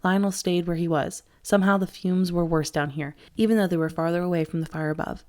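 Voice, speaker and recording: A woman teacher reading a novel aloud with steady expression. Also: on the low side, brisk. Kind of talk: audiobook read-aloud.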